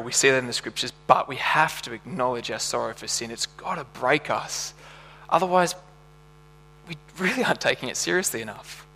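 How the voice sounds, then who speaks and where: A man's voice: mid-range voice, sharp tone. Earnest man preaching in echoey hall. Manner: earnest, builds to passionate emphasis. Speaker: pastor. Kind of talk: sermon.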